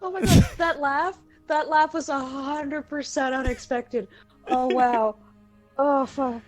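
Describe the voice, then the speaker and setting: A woman's voice: sits high, steady tone, slow pace, faint music behind, poor audio. A woman player in a casual tabletop game, reacting in a playful way.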